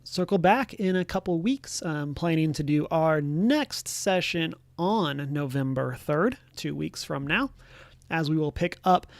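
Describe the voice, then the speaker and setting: A game master wrapping up a tabletop session, talking in a relaxed, rambling way. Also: medium pitch, unhurried, no echo. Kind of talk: casual game master narration.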